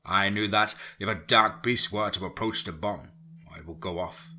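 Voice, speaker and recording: A man narrating a first-person fantasy story for a podcast in a steady, unhurried reading. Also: on the low side.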